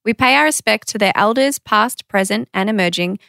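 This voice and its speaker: A woman's voice: mid-range voice, fairly quick, gravelly, bright, forceful tone, clean tone, no room sound, clean studio sound. A young woman co-hosting a podcast, chatty and teasing, with lots of fillers. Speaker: podcast co-host. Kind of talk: casual chat.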